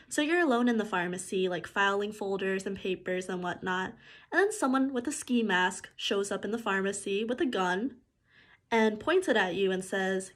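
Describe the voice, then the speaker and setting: Young woman, mid-pitch, earnest, slightly hesitant narrator. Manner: hesitant, earnest second-person retelling. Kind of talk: casual storytime monologue.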